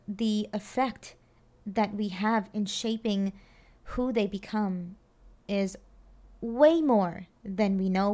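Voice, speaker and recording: A woman's voice: medium pitch, dark tone. A woman giving an earnest, reflective talk on parenting, often repeating phrases and checking in with her listeners. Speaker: parenting speaker.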